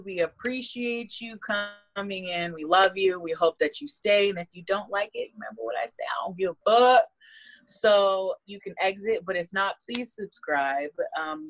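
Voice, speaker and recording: A woman co-hosting a casual podcast, loud, profane and animated, with big swings in her voice. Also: mid-range voice, no echo, low-quality recording. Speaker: podcast co-host.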